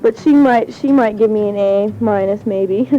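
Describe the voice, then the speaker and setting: A woman's voice: medium pitch, moderate pace, dark tone, soft background music. A teenage girl chatting and giggling as she rambles through a spoken letter recorded on cassette tape. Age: teens. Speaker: high school student. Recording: dull lo-fi 1970s home cassette.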